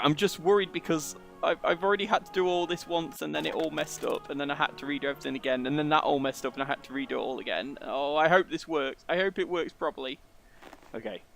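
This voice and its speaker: A man's voice: on the high side, gravelly, a bit bright. A man giving casual, rambling commentary as he plays through a game and reads its text aloud. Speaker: let's play gamer.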